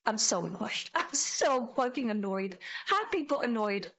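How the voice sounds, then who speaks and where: A young woman streamer giving casual reaction commentary, excitable and rambling, swearing constantly as she talks. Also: fairly high pitch, unhurried. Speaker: VTuber streamer.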